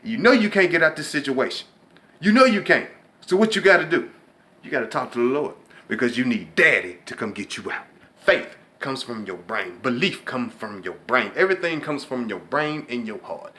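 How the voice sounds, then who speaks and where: Bright-voiced man giving a preachy pep talk. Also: big pitch swings, moderate pace. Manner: preachy, conversational, drops to a low hush for imagined inner thoughts. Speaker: host. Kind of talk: motivational faith talk.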